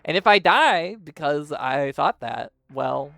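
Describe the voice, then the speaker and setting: A man's voice: on the high side, expressive, slow, vocal fry, fairly bright tone, no room sound. A man giving casual let's-play commentary, chatty and a bit profane, laughing at himself. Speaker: game streamer.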